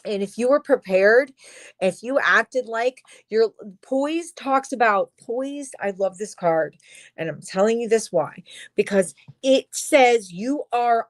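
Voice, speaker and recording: A woman's voice: on the high side, expressive, slow, dry recording. Emphatic swearing woman tarot reader. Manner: emphatic, swears freely, talks straight to viewers. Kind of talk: livestream tarot reading.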